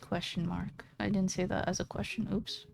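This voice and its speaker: A woman's voice: medium pitch, level tone, normal speed, vocal fry, darkish tone, faint music behind. A woman streamer chatting casually with her viewers, playful and teasing, laughing often. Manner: giggly, playful and teasing, talks straight to viewers.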